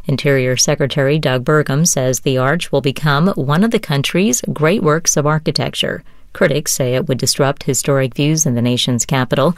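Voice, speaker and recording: A woman newscaster reading hourly radio headlines in a measured, even delivery. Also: low-pitched, no room sound, clean studio sound.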